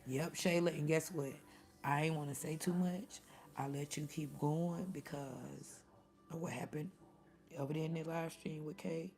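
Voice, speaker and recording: Low raspy-fried voice lady, middle aged, just chillin on a live stream talkin to chat. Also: steady tone, moderate pace, a little mellow. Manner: chatty, talks back to commenters by name. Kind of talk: casual chat.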